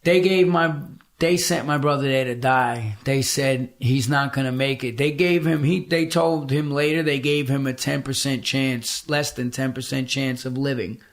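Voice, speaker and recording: Gravelly middle-aged man telling a blunt story. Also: medium pitch, fairly even intonation, moderate pace, few pauses. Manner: blunt, profane, emphatic storyteller. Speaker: podcast guest. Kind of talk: casual interview storytelling.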